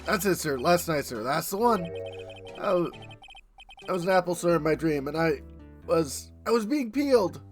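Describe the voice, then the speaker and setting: A man voicing a jittery, overeager young male patrol officer who loudly ends every sentence with "sir". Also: on the high side, lively intonation, normal speed, pauses often, faint music behind, natural voice. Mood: nervous, eager. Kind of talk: voicing a game character in a playthrough.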